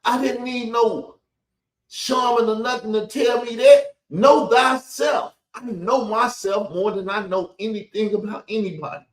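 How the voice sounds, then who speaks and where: A man's voice: high voice, a little slow, echoey room, rough recording. A man hosting a rambling commentary video, talking in a combative, colloquial and repetitive way. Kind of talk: rambling commentary on played clips.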